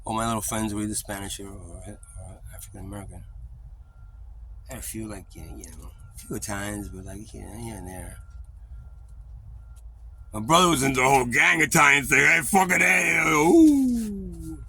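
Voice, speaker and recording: A man talking through old family memories in a rambling, profane vlog, often trailing off and halting with fillers. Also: fairly low pitch, pushed and bright, a little hiss or hum. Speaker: vlogger. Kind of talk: confessional vlog monologue.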